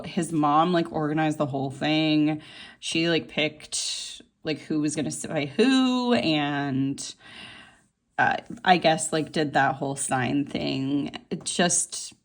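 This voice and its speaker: A woman vlogger chatting casually while planning, rambling with lots of fillers and laughs, her voice jumping up when she gets excited. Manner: gushing, voice jumps high when excited.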